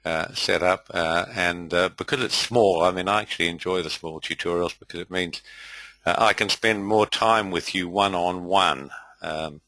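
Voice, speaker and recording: A man hosting a live online webinar, chatty and hesitant, with frequent filler pauses. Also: low-pitched, pushed and bright, no echo, low-quality recording. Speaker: webinar host and trading tutor.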